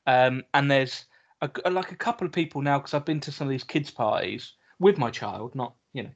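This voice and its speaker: A man's voice: mid-range voice, a little fast. A British man co-hosting a podcast in a casual chat, dry and wry, swearing casually. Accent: British English. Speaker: podcast co-host. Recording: dull lo-fi sound.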